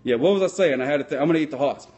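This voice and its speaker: A man playing a dim, cheerful sock puppet cop, rambling in a folksy, deadpan way and mangling his words in improvised puppet comedy. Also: a little high, racing. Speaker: sock puppet comedian answering live chat.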